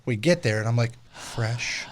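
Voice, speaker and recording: A man's voice: medium pitch, normal speed. Profane young man hosting a chat podcast. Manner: loose and profane, storytelling. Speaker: podcast host.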